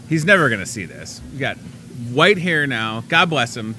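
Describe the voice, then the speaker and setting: A man's voice: medium pitch, moderate pace, a little hiss or hum. A man hosting a live daily talk show, joking around in casual chat with his guests. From Chicago area. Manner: jokey, playful, animated.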